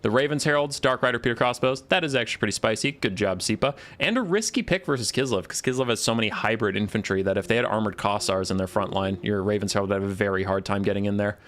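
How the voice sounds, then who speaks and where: A man's voice: lowish voice, fast talker, hardly any pauses, fairly bright tone. Rambling, sarcastic male game streamer. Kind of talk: casual live stream commentary.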